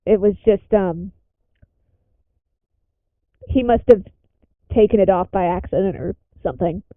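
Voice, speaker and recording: A woman's voice: medium pitch, measured pace, no echo. A woman player narrating casually in a tabletop game, with hesitant, filler-heavy speech. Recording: tinny phone-like call audio.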